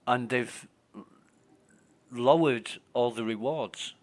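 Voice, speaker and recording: A man's voice: medium pitch, slow pace. A man commentating casually on his gameplay, thinking aloud, muttering and swearing. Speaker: game streamer.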